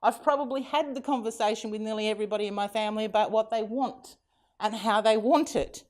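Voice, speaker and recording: A middle-aged Australian woman with a slightly high voice gives a keynote in a chatty, anecdotal way. She acts out the quotes in her stories with lively changes of voice and breaks into laughter often. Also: fast talker. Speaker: keynote speaker. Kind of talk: conference keynote storytelling.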